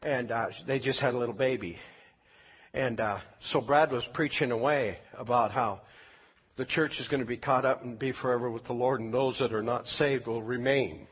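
A man preaching in a church service, telling a funny story with animated laughter and then softly inviting people forward to pray. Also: medium pitch, normal speed, slightly rough, lo-fi sound. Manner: animated storyteller who laughs at his own tale, then soft pleading invitation. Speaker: pastor. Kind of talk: sermon with humorous story and altar call.

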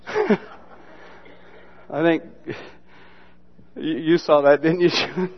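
A man preaching a sermon in a folksy, mocking, humorous way, mixing Bible lessons with sudden loud imitations. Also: a little high, drawn-out words. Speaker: pastor. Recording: dull lo-fi sermon recording.

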